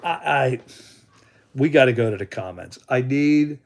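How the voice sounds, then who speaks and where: A man hosting a casual livestream, excitable and playful, keeps calling on his sidekick. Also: medium pitch, unhurried. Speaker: livestream host.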